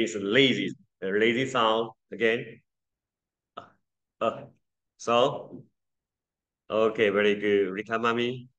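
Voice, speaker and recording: Male classroom teacher, unhurried delivery, patient and repetitive, coaching vowel sounds. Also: lowish voice, fairly bright tone. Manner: slow, patient drilling, repeating sounds for students. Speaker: English pronunciation teacher. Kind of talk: classroom lesson.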